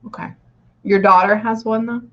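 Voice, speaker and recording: Woman, psychic medium, casual reading, mid-pitched, slightly muffled sound. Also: steady tone, normal speed. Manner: casual, relays quotes, repeats "okay, cool" and "hang on". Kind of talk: reading session.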